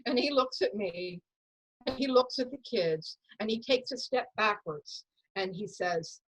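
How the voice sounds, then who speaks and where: A woman telling a personal story at a story slam over a video call, in a lively, dramatic way. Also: mid-range voice, measured pace, rough recording. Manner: lively, dramatic storytelling that acts out voices and sounds.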